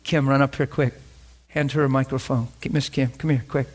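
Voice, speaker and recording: A man's voice: mid-range voice, little pitch movement, brisk. A middle-aged man preaching a sermon, telling a story and acting out the dialogue.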